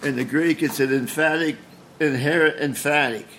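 A man's voice: fairly high pitch, normal speed, fairly bright tone, a little hiss or hum. A man preaching a sermon in an earnest, emphatic way, often stumbling and restarting words.

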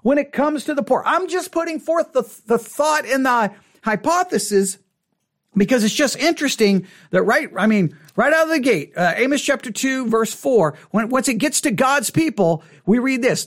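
A man leading a conversational Bible study, halting and restarting, asking rhetorical questions. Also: very high-pitched, expressive, fairly bright tone.

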